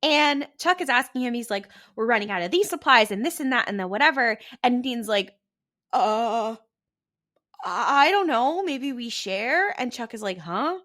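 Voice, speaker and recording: Bright-voiced woman retelling a TV episode. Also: a little high, moderate pace. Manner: animated retelling with quoted dialogue and frequent laughs. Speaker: podcast co-host. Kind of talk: casual recap chat.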